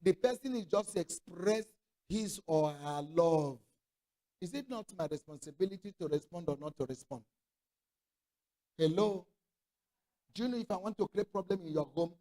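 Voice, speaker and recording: A man's voice: sits high, lively intonation, moderate pace, dark tone. A middle-aged male pastor preaching a sermon, telling stories with acted-out dialogue and throwing rhetorical questions to the congregation. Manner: storytelling preacher who acts out quoted dialogue.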